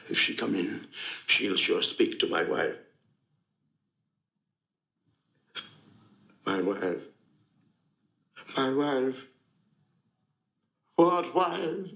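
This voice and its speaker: An actor playing a jealous, tormented general in a 1960s Shakespeare film, declaiming with wild cries and low brooding. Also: male voice, very animated, very slow, vocal fry, long pauses, pushed and bright, exaggerated voice. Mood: anguished. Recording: dull roomy 1960s film soundtrack.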